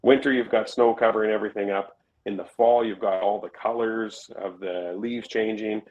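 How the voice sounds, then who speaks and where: A man with a lowish voice co-hosts a podcast, talking things through in a plain, conversational way with everyday examples. The audio is dull and lo-fi. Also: fairly even intonation, moderate pace. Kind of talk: casual chat.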